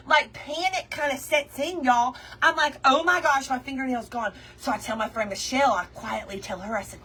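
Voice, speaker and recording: A woman hosting a craft livestream, telling a story to her viewers in an animated, chatty way and calling them y'all and girl. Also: sits high, moderate pace, few pauses, breathy edge, distant mic. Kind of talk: casual storytelling chat with viewers.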